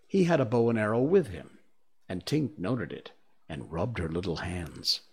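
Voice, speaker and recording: A man with a lowish, slightly rough voice reads a children's book aloud on a stream at a measured pace, then chats casually with viewers. He's lively and expressive, chatty and full of fillers.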